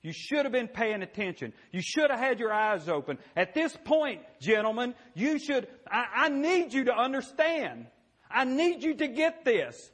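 A man's voice: very high voice, sing-song, moderate pace, fairly bright tone, pitched above the performer's own voice, heavily acted. A man voicing an exasperated male teacher, pleading and insistent with his followers during a sermon. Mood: frustrated.

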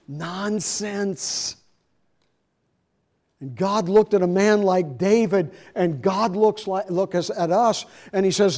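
Man preaching with swings in volume. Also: measured pace. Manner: shifts from soft confiding asides to loud, high-pitched emphasis. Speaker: pastor. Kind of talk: sermon.

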